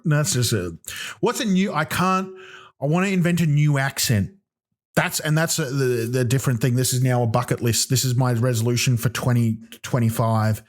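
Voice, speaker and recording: A man's voice: mid-range voice, steady tone, moderate pace. A man hosting a comedy podcast, delivering a profane, rambling solo rant with many ums and restarts. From Australia.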